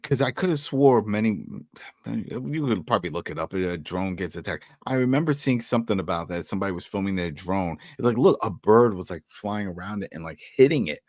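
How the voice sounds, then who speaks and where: A man co-hosting a casual TV recap chat, retelling scenes in animated bursts with restarts. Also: on the low side, a little fast, no room sound, clean studio sound. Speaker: podcast co-host.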